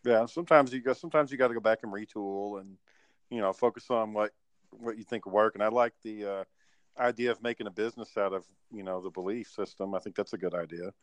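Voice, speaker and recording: A man's voice: lowish voice, quick pace, no echo. A man co-hosting a podcast in casual chat, laid-back and rambling, swearing freely. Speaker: podcast co-host.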